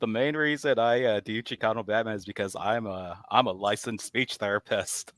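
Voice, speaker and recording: A lower-voiced man hosting a chat show, laughing and rambling as he reacts to a guest. The sound is dry, with no room around it. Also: fairly even intonation, normal speed, a bit bright, no room sound. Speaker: host. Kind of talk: casual chat.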